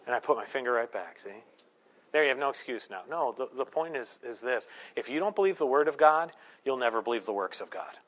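A man's voice: mid-range voice, lively intonation, a little fast, a bit bright. A man preaching a sermon to his congregation in a conversational way, with joking asides and acted-out quotes. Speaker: pastor.

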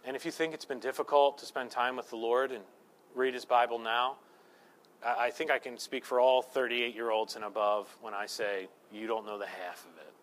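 A man in his thirties, a pastor preaching a sermon with lively storytelling and self-deprecating humor, swinging between loud emphasis and hushed asides. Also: mid-range voice, normal speed.

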